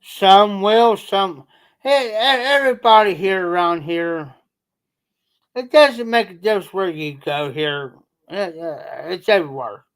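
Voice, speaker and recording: Guy w a southern ohio drawl, kinda high voice, talks real slow and folksy to his stream. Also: fairly bright tone, clean tone. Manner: slow, rambling, folksy talk to viewers. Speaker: livestream host. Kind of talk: casual livestream chat.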